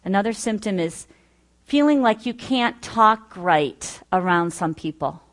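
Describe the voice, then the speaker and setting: A woman's voice: mid-range voice, expressive, measured pace. A middle-aged woman teaching earnestly, listing points with personal asides. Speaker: Bible study teacher. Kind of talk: teaching talk.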